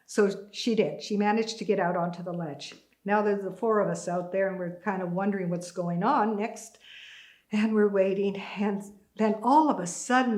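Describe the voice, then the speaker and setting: A woman's voice: medium pitch, steady tone, normal speed, darkish tone, roomy sound. An older woman recounting a personal survival story to an audience, acting out her own thoughts and the dialogue vividly. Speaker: community storyteller.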